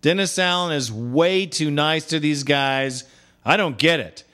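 Male call-in host, slightly high voice, blunt and buddy-buddy. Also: a little slow, sharp tone. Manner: blunt, chummy, calls callers brother. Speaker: podcast host. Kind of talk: casual call-in show hosting.

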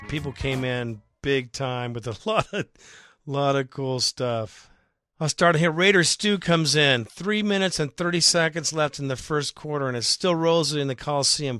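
A man hosts a fan podcast in a casual, rambling monologue, excitable and quick to swear. His voice is bright and forceful but going hoarse. The sound is dry and close, with no room around it. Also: mid-range voice, dry recording. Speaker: podcast host.

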